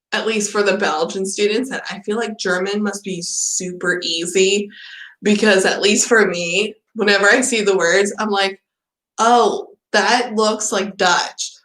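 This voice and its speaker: A woman's voice: medium pitch, fairly bright tone. A young woman and native English speaker hosting a casual livestream chat. She laughs often and acts out her own anecdotes. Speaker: channel host. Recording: roomy echo.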